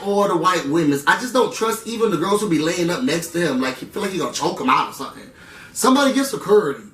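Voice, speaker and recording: A man chatting through a casual TV recap, animated and slangy, full of asides to his viewers. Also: sits high, recorded from a distance. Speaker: reality TV recap vlogger. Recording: roomy room sound, away from the mic.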